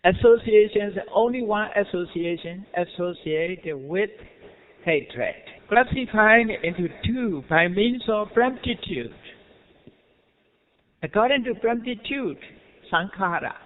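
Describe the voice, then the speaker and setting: High-voiced monk with Burmese accent, lecturing. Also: male voice, slow pace. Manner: simple non-native English, frequent rhetorical checks and soft chuckles. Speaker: Buddhist monk teacher. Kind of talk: dharma lecture. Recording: tinny phone-like lo-fi recording.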